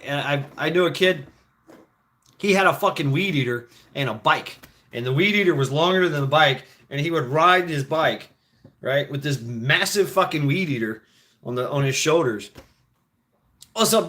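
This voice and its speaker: A man's voice: a little high, sharp tone. A middle-aged man telling rambling, profane stories in a casual chat, with frequent restarts. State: foot injured, limping.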